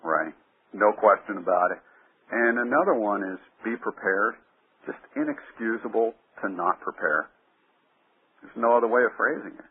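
A man with a lowish, husky voice hands out radio hosting advice in short, emphatic bursts. His voice comes through a tinny, phone-like line. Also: lively intonation, normal speed. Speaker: radio talk coach. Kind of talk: interview about talk radio.

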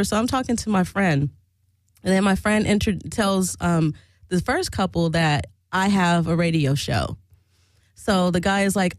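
A woman's voice: on the low side, normal speed, dry recording. A woman radio show host telling a crude, blunt story in a casual monologue, often breaking into laughter.

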